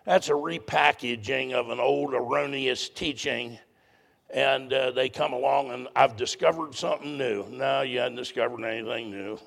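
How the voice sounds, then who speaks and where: Very gravelly older male preacher. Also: medium pitch, fairly even intonation, normal speed, fairly bright tone. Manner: folksy, blunt, emphatic preaching. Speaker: pastor. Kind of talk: sermon.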